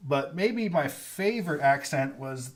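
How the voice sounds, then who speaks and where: A man's voice: fairly high pitch, lively intonation, a little slow. A man from California with a Californian accent, hosting a casual livestream and answering viewer questions in a rambling, chatty way with small laughs. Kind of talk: casual live-stream chat.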